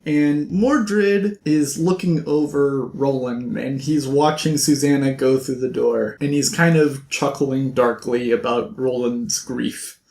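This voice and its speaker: A man vlogger retelling a novel's plot in a casual, animated way, with playful asides to his viewers. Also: fairly high pitch. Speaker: book vlogger. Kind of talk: casual book recap. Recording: roomy echo.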